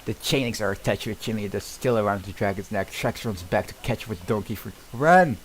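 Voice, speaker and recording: A man's voice: fairly low pitch, fairly quick, a little hiss or hum, rough recording. A man streaming as he reads a film script aloud, often stumbling and restarting mid-sentence, with casual asides.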